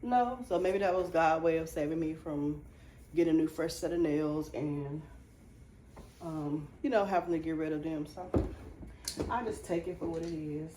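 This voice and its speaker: A woman's voice: sits low, fairly even intonation, normal speed, warm tone, echoey room, slight background noise. A woman vlogger and mother, chatting casually and confidingly to her viewers while she cleans and cooks at home. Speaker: lifestyle vlogger, mother and wife. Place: home kitchen.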